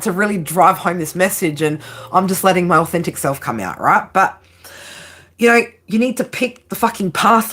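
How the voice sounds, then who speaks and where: Husky-voiced blunt, swearing woman tarot reader. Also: mid-range voice, fairly bright tone. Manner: blunt, profane, pep-talk exhortation; repeats "right?" and "okay?" constantly. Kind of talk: tarot reading monologue.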